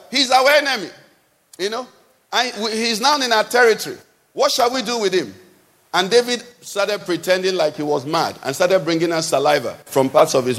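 Animated, high-pitched preacher in a hall. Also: male voice. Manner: animated, sing-song preaching with sudden swings between loud and soft. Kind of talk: sermon. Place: church hall. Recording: long hall reverb.

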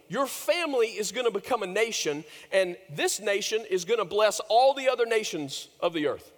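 A man preaching a sermon, telling the story with big swings from loud, lifted lines to hushed, low ones. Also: long reverb tail. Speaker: pastor.

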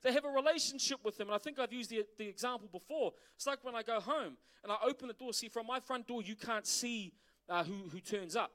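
A man's voice: extremely high pitch, brisk. A middle-aged man preaching a sermon as pastor, asking the congregation questions. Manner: animated preaching with rhetorical questions.

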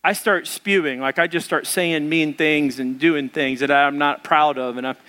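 A man in his thirties or forties, a pastor telling a funny marriage story in an animated sermon and acting out the quotes. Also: on the high side, normal speed, smooth.

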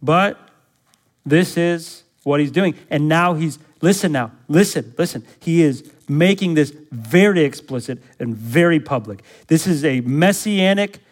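A man preaching a sermon in an emphatic, pressing way. He keeps asking his listeners to fill in the blanks and repeats himself to drive his points home. His voice sits a little high for a man. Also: lively intonation, measured pace. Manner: asks the congregation fill-in-the-blank questions. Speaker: pastor.

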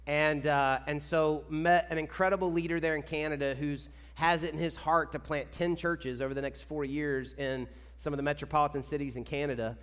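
A man from Kentucky, a pastor chatting excitedly with his church before the sermon. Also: on the high side, fairly quick, few pauses, smooth. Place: church sanctuary. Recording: echoey church hall.

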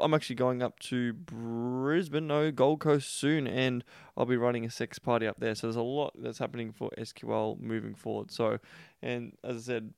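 An Australian man hosting a podcast in loose, brash chat, blunt and quick to swear. His voice is mid-pitched and crisp, picked up close in a dry space. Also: darkish tone, no echo. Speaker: podcast host.

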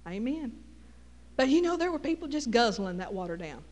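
Southern texas lady preacher, middle-aged, chatty storytelling sermon, high pitched, echoey church hall. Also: sing-song, a little fast. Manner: folksy storytelling with call-and-response asides.

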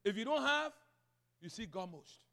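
Male pastor, sermon delivery, high-pitched, alternates shouted proclamations with soft repetition. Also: big pitch swings, normal speed, gravelly. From Liberia. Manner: swings between loud proclaiming and quiet asides, repeating phrases.

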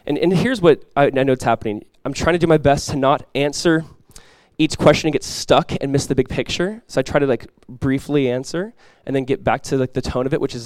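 A man preaching a sermon as pastor, telling a personal story conversationally with light humor, and praying softly and earnestly. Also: medium pitch, fast talker, no room sound.

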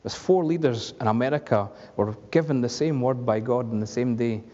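A man's voice: mid-range voice, moderate pace, dark tone. A man preaching a conversational sermon, asking the congregation questions along the way. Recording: dull lo-fi recording with long hall reverb.

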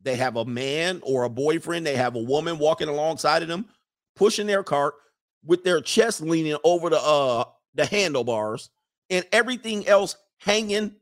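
A man's voice: fairly high pitch, lively intonation, moderate pace. Blunt rambling male livestream host. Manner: rambling, laughing, blunt opinions. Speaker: livestream host reading viewer comments. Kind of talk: casual livestream chat.

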